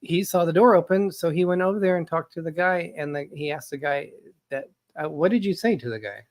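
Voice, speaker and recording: A man's voice: a little high, brisk. A man co-hosting a casual chat show, telling stories in a rambling way and often restarting mid-sentence. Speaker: co-host.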